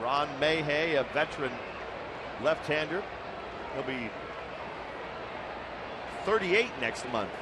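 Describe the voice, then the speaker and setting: A man's voice: a little high, slow pace, pauses often, over a noisy crowd, heavy background noise. A man doing baseball play-by-play commentary, his voice lifting on big plays. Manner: excited rises on big plays. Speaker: play-by-play announcer.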